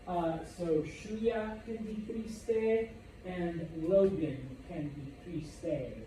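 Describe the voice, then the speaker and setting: A man's voice: high-pitched, very slow, dark tone, slight background noise. A male Spanish teacher giving a classroom lesson, explaining patiently and checking in with "okay?" and "all right?".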